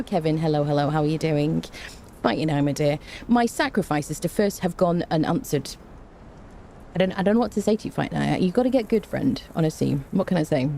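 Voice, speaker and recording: On a gaming livestream, a woman with a low, warm voice chats casually, greeting viewers by name and cracking dry, self-mocking jokes. Slight background noise can be heard.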